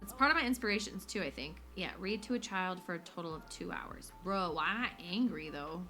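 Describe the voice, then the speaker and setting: Woman, casual gameplay commentary, bright voice, swearing, talks to characters, game music behind. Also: on the low side, lively intonation, a little fast. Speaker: streamer.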